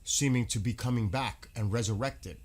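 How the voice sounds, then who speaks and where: A man talks through the news live in a loose, off-the-cuff way. He sounds exasperated and fires off one rhetorical question after another, at an ordinary mid-range pitch. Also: moderate pace, darkish tone. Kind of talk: casual live commentary on news clips.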